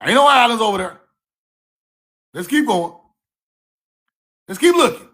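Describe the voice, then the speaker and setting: A man giving a casual, fiery online lecture, cussing freely, repeating himself and shouting key words. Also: extremely high pitch, animated, a little slow. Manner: laughs at own points.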